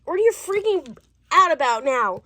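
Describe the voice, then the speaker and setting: A woman's voice: high voice, sing-song, moderate pace, pushed and bright, full character voice. A woman voicing an insistent young female friend who keeps repeating her questions in a doll-play story.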